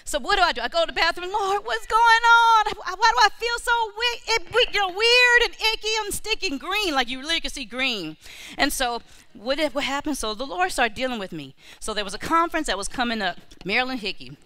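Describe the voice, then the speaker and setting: A woman preaching a storytelling sermon, animated and exhorting, repeating key phrases to the congregation. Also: high voice. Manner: animated, acts out her own prayers and inner voices. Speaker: church speaker.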